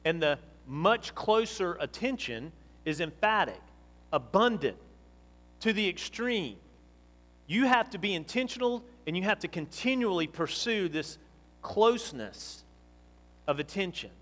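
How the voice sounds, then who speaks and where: A man delivering a sermon, his voice sitting a bit high for a man. He swings between loud, emphatic exhortation and quiet, explanatory teaching. His words ring out with the long reverb of a church hall. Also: animated, unhurried. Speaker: pastor.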